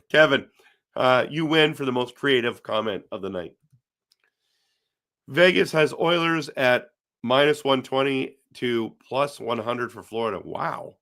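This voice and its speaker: A man's voice: mid-range voice, lively intonation, measured pace, fairly bright tone. Chatty man hosting a hockey stream. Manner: reads viewer comments aloud and responds chattily. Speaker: live stream host. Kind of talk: casual live-stream chat.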